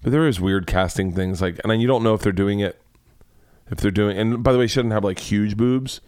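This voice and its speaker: A man's voice: lowish voice, darkish tone, clear, resonant tone, no echo, clean studio sound. A man hosting a comedy podcast, rambling through celebrity news with lots of swearing. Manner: profane, rambling, quick asides. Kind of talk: casual comedy podcast rant.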